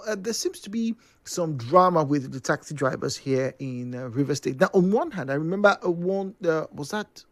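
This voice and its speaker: A man's voice: high voice, a bit bright, dry recording, studio quality. A man with a Nigerian accent hosting a radio talk show, thinking aloud in a chatty way with asides and plenty of fillers.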